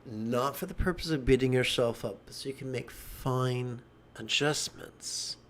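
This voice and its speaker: A man's voice: mid-range voice, unhurried, fairly bright tone. A middle-aged man giving a livestreamed meditation talk, a wry, joking storyteller. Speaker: meditation teacher.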